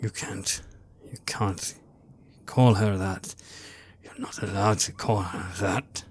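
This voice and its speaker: A man voicing an older grandfather who speaks haltingly and stammers. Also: fairly low pitch, fairly even intonation. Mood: hushed, tense. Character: older grandfather, gruff worn-out father.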